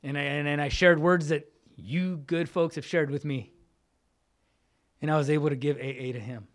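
A man's voice: fairly high pitch, fairly even intonation, normal speed. A middle-aged man giving a casual, heartfelt recovery testimony, often repeating phrases and calling listeners "man.". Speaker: speaker sharing at a recovery meeting.

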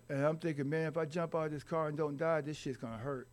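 A middle-aged man telling his own recovery story in a rambling, halting way with wry humor. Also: a little high. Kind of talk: personal recovery story told to an audience.

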